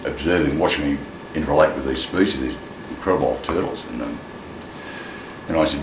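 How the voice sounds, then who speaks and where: Deep-voiced man telling a story. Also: fast talker. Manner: animated, acts out voices in his story. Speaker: storyteller in an acting class. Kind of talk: personal storytelling. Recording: echoey room with clear ambient noise.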